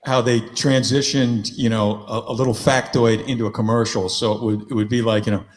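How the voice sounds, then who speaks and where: A man in casual chat on a live video call, quick and wry, with laughing asides. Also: mid-range voice, little pitch movement, long reverb tail. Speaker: musician guest.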